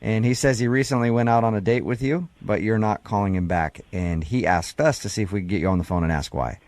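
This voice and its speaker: A man hosting a radio show, calmly and gently questioning a caller, with a teasing edge. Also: lowish voice, fast, dry recording. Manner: calm, gently probing, then teasing. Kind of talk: radio call segment.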